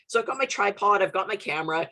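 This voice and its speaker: A young adult woman from Canada hosting a podcast, telling stories in a casual, animated way, swearing and laughing often. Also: medium pitch, fast talker. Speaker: podcast host. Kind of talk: casual chat.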